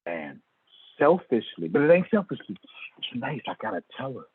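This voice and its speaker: A man speaking to an audience, telling a story in a lively way, calling on listeners by name and acting out what people said. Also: mid-range voice, moderate pace, slightly rough, no room sound. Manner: lively, calls on listeners by name, acts out quoted lines. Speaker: motivational speaker. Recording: tinny phone-like sound.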